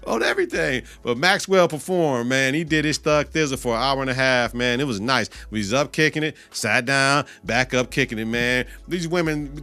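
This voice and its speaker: A man hosting his own podcast, ranting in a casual, profane way and swinging between loud outbursts and quiet asides. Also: on the high side. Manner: animated, heavy cursing, swings loud and soft. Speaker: podcast host.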